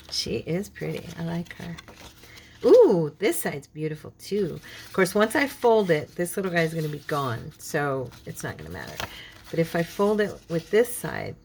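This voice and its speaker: Chatty craft lady w/ a frog in her throat, lowish gravelly voice, talking to herself at her craft table. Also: big pitch swings, measured pace, darkish tone, a little hiss or hum. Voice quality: chatty, talks to herself while working. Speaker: craft channel host. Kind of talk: casual crafting tutorial chat.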